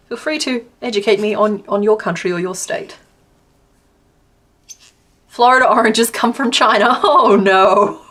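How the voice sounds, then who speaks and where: An Australian woman talks casually through a live stream as she crochets. She reads out comments from her chat and answers them in an easy, chatty way, laughing often. Her voice sits at a middle pitch. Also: a bit bright.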